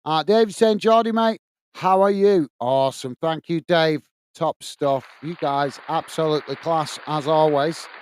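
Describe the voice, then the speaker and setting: A man's voice: a little high, measured pace, clear, resonant tone, no echo. A man from England hosting a live football watchalong, calling the play and reading out viewer messages in a chatty way. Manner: chatty, reads viewer comments aloud and calls play. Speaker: watchalong host. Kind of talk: live stream match commentary and chat reading.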